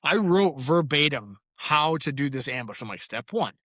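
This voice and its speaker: A man's voice: fairly high pitch, normal speed, dry recording, clean studio sound. A man, a retired Army veteran, telling war and training stories in a casual interview, rambling and acting out quotes. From United States. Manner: rambling, animated storyteller who acts out quotes.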